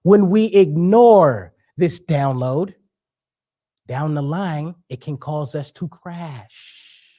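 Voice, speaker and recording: A man's voice: on the high side, very slow, mellow. A young man giving a sermon as a guest speaker, conversational and joking, with emphatic preaching.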